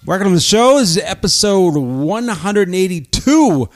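A man hosting a book podcast, telling stories and introducing guests in a lively, casual way. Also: high voice, moderate pace, soft background music. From Colorado. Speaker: podcast host.

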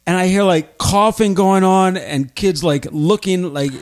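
A middle-aged man, a teacher and podcast co-host, telling stories in an animated, laughing way. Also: high voice, a little slow. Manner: animated storyteller, laughs often. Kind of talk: casual storytelling chat.

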